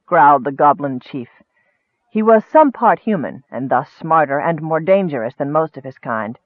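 Male narrator, high voice, measured, tinny phone-like sound. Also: lively intonation, no room sound. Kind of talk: audiobook narration. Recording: dry, tinny, narrow-band.

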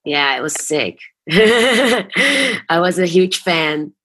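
A woman with a deep, low-pitched voice hosts a radio interview. She chats casually over a video call and leans on filler words as she talks. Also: very animated, very slow, a bit bright, husky. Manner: chatty, leans on fillers like "basically". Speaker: radio host.

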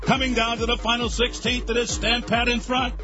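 Gravelly race announcer guy, high voice swooping all over, loud music under it. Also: monotone, brisk, highs cut off. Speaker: race caller. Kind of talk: horse race commentary.

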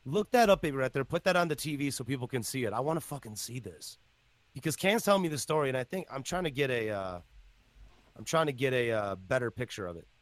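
A man hosting a casual podcast, excitable and loud, swearing often. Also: medium pitch, fast talker, no room sound. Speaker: podcast host.

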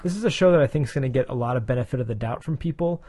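A man's voice: mid-range voice, animated, rapid-fire, dark tone, dry recording. Male podcast co-host, mid-range voice, dry close sound, rambling and hesitant. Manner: rambling, hesitant, self-deprecating. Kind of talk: casual TV review chat.

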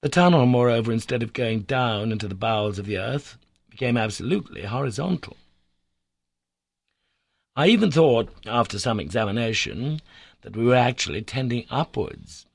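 A man reading a classic adventure novel aloud as an audiobook narrator, measured and storytelling, lifting his voice for emphasis. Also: expressive, vocal fry, dry recording. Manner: measured storytelling, lifts pitch and volume for emphasis.

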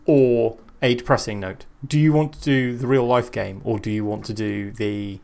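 A man's voice: medium pitch, fairly even intonation, normal speed, gravelly, a little mellow. A man co-hosting a podcast, dry and steering the conversation. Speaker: podcast co-host. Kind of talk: casual chat.

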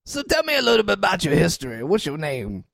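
Playful male co-host for improv chat, gravelly and animated. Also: high-pitched, fast, no echo, clean studio sound. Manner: playful, teasing questions, frequent laughs.

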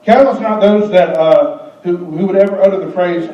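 A male pastor delivers a lively, joking sermon, gasping for effect and slipping into acted voices. His voice sits high, heard from a distant mic in an echoey church with a dull, muffled tone. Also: fairly quick. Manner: animated, gasping, comic preaching with acted-out voices.

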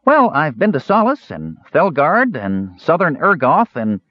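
A man doing a shrill, eager little kender. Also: wildly swooping pitch, a little slow, dry recording. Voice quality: high-pitched and shrill. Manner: eager, chattering, innocent. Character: small excitable male kender, nosy and cheerful. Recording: dull lo-fi dry audiobook recording.

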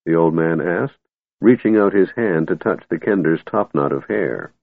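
A man narrating a fantasy audiobook in a husky, expressive voice. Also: deep voice, moderate pace, dry recording. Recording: tinny, phone-like and dry.

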